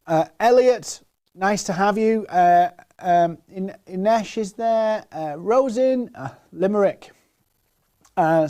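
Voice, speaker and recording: A man's voice: high-pitched, warm tone. A man from the north of England hosting a live online sales webinar, chatting and greeting viewers by where they are from. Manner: chatty, reads out viewers' names and places. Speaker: webinar host. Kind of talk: live-stream webinar intro. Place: presenting from a home set-up in Plymouth.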